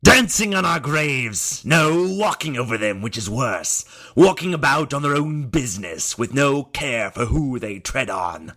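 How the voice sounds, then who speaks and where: A snarling, hate-filled robot with an ancient spirit inside. The voice sits far above the reader's own deep tone, and it is bright, sharp and strained. Every line is spat out with theatrical venom. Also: male voice, lively intonation, unhurried. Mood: venomous. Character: venomous male robot possessed by an old spirit. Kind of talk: audiobook character voice.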